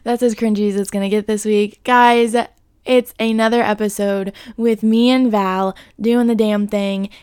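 A woman's voice: mid-range voice, steady tone, moderate pace, a little mellow, clear, resonant tone, no room sound. Woman podcast host rambling casually, laughs at herself, swears a bit, dry close mic. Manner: chatty, self-deprecating, laughs often, swears. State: hiccups.

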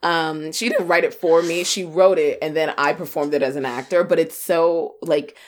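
Animated young woman chatting casually. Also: low voice, normal speed. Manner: animated, acts out quoted voices; laughs often. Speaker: podcast co-host. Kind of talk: casual chat.

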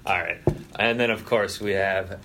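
A man's voice: sits low, fairly even intonation, measured pace, noisy background. A young man hosting a casual sports podcast, joking and bantering with his co-hosts. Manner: jokey, banter-driven, rambling. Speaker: podcast host.

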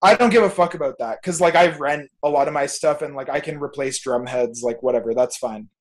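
A man's voice: medium pitch, brisk. A young man, a music producer, ranting emphatically and swearing freely as a guest on a podcast. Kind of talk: casual podcast chat.

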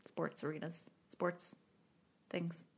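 A woman co-hosting a podcast, talking in a loose, chatty way. She jokes easily and reacts with quick exclamations. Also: lowish voice, flat delivery, gravelly, darkish tone, breathy edge. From United States. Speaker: podcast co-host. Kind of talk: casual chat.

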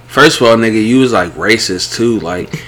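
A young man chatting casually, telling an animated story full of slang and swearing. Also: lowish voice, normal speed, faint music behind. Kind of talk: casual chat.

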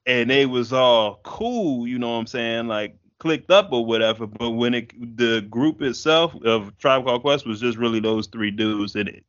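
A man's voice: medium pitch, moderate pace, few pauses, fairly bright tone. Blunt, slangy man in casual chat. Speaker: podcast co-host. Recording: dull lo-fi sound.

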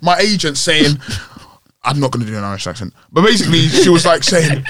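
A young man hosting a casual podcast, laughing often and bantering quickly. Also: a little high, big pitch swings, a bit bright. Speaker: podcast host. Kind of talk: casual chat.

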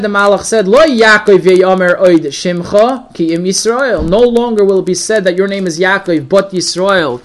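A man giving a Torah lesson, reading each Hebrew verse and translating it into English with Yiddish words mixed in. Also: sits high. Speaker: Torah teacher.

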